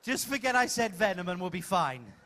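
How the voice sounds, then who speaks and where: Guy running a silly stage play w/ the crowd, high bright voice, teasing, handheld mic. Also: very animated, brisk. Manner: teasing, theatrical, self-mocking. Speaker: cruise ship entertainer. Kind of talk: comic audience-participation show. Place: ship theater stage.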